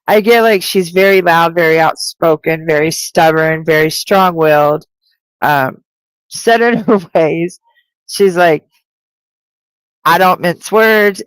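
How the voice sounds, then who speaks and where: A woman's voice: lowish voice, smooth, no echo, poor audio. Chatty woman doing a psychic reading. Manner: chatty and rambling, full of "like". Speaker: psychic medium. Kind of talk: live-streamed spirit reading.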